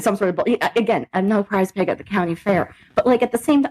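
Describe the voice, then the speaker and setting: A woman hosting a podcast, telling stories in a hyper, profane casual chat. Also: rough recording. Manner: animated, profane storytelling with quick pitch jumps. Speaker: podcast host.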